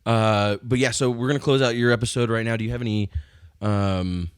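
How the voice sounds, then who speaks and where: A man's voice: mid-range voice, steady tone, a little fast, clear, resonant tone, dry recording, clean studio sound. A man hosting a podcast, laid-back and casual, wrapping up with his guest. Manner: laid-back, short reactions. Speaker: podcast host.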